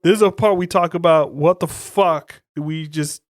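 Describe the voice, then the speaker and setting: Profane, animated man telling stories. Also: a little high, moderate pace, dry recording. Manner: profane, animated storytelling, acts out quotes. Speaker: podcast co-host. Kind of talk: casual chat.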